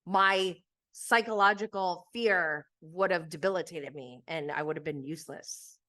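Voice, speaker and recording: A woman's voice: lowish voice, measured pace, pushed and bright. A woman hosting a podcast, chatting casually and animatedly about reality TV, laughing often and leaning on fillers. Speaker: podcast host. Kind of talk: casual chat recapping reality TV.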